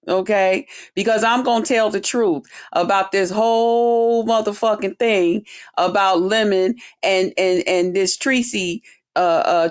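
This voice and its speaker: Swearing, preachy woman host. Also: medium pitch. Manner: preachy, emphatic, repeats catchphrases; swears freely, laughs often. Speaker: YouTube channel host. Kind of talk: casual commentary livestream.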